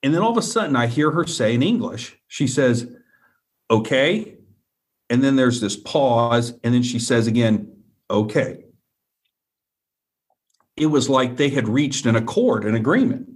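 A man's voice: medium pitch, expressive, normal speed, hardly any pauses. Earnest man retelling a frightening encounter. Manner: repetitive, keeps checking in with the listener. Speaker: guest telling a personal encounter. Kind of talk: earnest first-person storytelling.

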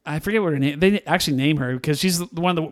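A man with a somewhat high voice, chatting through a film review on a podcast. He is animated, laughs often and puts on the characters' lines as he retells scenes. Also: fast. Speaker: podcast co-host. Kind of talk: casual movie review chat.

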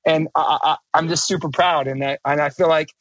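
High-voiced middle-aged man, heartfelt and profane. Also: steady tone, a little fast, fairly bright tone, no echo. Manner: emphatic, profane, rambling with restarts. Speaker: podcast guest. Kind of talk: casual chat.

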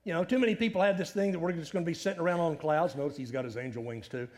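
A middle-aged pastor delivers a sermon in a lively, conversational style, peppering it with rhetorical questions. His voice is fairly high and his delivery rapid-fire.

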